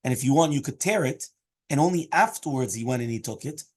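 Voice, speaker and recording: Man, rabbi, daily Talmud class, husky voice, medium pitch, keeps asking "right?". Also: expressive, quick pace. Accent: Hebrew and Aramaic terms mixed into English. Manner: explains each Aramaic phrase in English, with frequent "right?" and "okay?".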